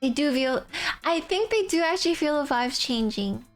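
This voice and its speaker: A young woman livestreamer chatting casually, rambling and giggling as she tells animated stories. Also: high-pitched, moderate pace, soft background music. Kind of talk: casual stream chat.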